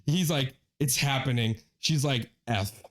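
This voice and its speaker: On a podcast, a young co-host relays a story in a casual, animated way, imitating his friends as he quotes them and swearing often. He speaks at a measured pace with a medium-pitched voice.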